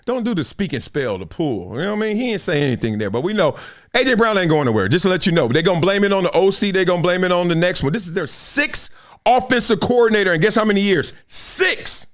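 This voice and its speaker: A man hosting a live sports talk stream, riffing in loose slang and breaking into laughs. His voice sits fairly high for a man and swings widely in pitch as he rants. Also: very fast. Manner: animated, slangy, laughs often. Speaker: sports talk show host. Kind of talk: opinionated live sports commentary.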